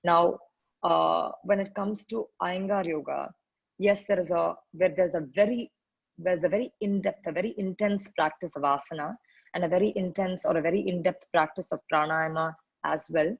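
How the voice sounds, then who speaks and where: A middle-aged woman with an Indian English accent, a yoga teacher giving an orientation talk to new students over a video call, explaining earnestly and correcting herself often, her voice cracking and needing to clear her throat. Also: lowish voice, normal speed, no room sound, low-quality recording.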